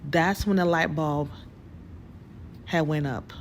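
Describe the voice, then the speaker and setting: Female host, personal storytelling, animated delivery. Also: deep voice, slow pace, slight background noise. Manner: animated, addresses listeners as y'all. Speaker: podcast host telling her story.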